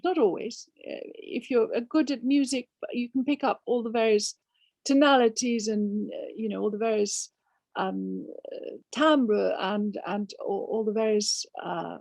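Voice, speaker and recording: An older woman author from Spain speaks with a fairly high voice. She answers questions emphatically, restarting often and firing off rhetorical questions. The recording is dry, with no room sound. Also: creaky, darkish tone, no echo. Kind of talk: conversational Q&A.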